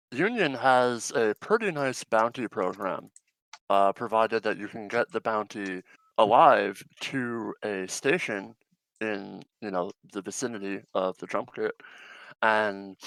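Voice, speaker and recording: Brief: low, smooth-voiced man running a tabletop game, hesitant and rambling. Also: fairly bright tone, no room sound, rough recording. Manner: rambling, hesitant with many fillers. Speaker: game master.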